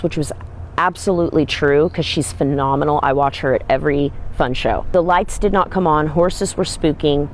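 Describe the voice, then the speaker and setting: Woman vlogger with a low voice, earnest and emphatic personal storytelling to camera. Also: a little hiss or hum. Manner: earnest, emphatic, acts out gentle high-pitched pleas. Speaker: dog trainer and video creator.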